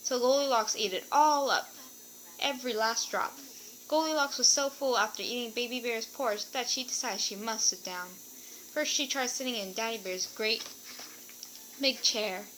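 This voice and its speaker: A woman reading a children's story aloud in an animated, expressive way. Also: fairly high pitch, moderate pace, a little hiss or hum, low-quality recording.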